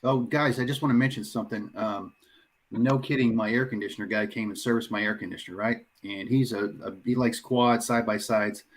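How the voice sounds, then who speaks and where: A man's voice: on the low side, steady tone, fairly quick. A man guest on a casual livestream, easygoing and agreeing with lots of "yeah". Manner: easygoing, says yeah a lot.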